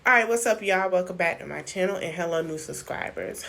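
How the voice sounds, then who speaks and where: A woman's voice: on the low side, expressive, a little fast, creaky, fairly bright tone. A woman hosting her own channel, chatting casually through a reality-show recap and talking straight to her viewers. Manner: chatty, addresses viewers as y'all, acts out quotes. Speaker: YouTube channel host.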